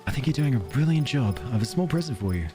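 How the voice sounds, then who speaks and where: A cheerful, encouraging village gardener woman from a cozy game, read out by an Australian man. She praises warmly in a slightly raised, upbeat Australian-accented voice, with soft game music faint behind. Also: medium pitch, animated, fast, voice pushed up, lightly acted.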